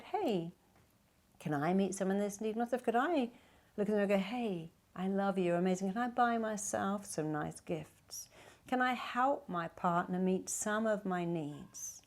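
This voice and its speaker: A middle-aged woman therapist talking to camera about relationships, animated and acting out what partners say to each other. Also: medium pitch, unhurried. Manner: animated, acts out quoted partners in character.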